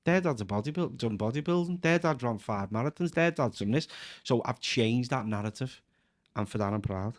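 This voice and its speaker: A man's voice: mid-range voice, expressive, brisk. A Liverpool-accented man guesting on a podcast, telling his stories in a loose, conversational ramble. He laughs easily and fills gaps with casual asides, in an everyday middle register. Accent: Scouse (Liverpool). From Liverpool, England. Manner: chatty, breaks into laughter, leans on filler "like". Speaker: guest comedian and actor. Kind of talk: casual anecdotal storytelling.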